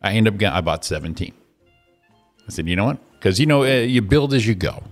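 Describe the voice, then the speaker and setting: A man's voice: lowish voice, fairly quick, soft background music. A man hosting a morning radio show, telling an exasperated, profane story and acting out the people in it. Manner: exasperated, profane storytelling with animated quoted voices. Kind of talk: casual ranting chat.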